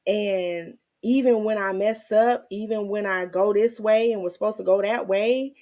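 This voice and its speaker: A woman hosting her own faith channel, teaching and testifying in an emotional, animated way, with some in her speech. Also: mid-range voice, measured pace. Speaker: Christian women's channel host.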